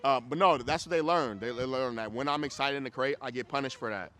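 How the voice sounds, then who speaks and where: Here a fast-talking man with a mid-range, fairly bright voice runs a dog training group class. His Chicago accent comes through as he speaks plainly and casually, throws in swear words, and checks that the class follows him.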